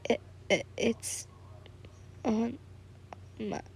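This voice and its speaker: A woman's voice: a little high, little pitch movement, slow, dark tone. A woman voicing a shy, flustered young man who stammers and mumbles, in a fan story reading. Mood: timid.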